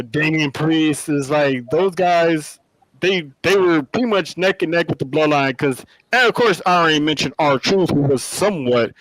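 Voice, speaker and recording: A man's voice: on the high side, fairly bright tone, no echo, rough recording. A man co-hosting a podcast, talking in a casual, rambling way with restarts. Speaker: podcast co-host. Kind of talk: casual chat.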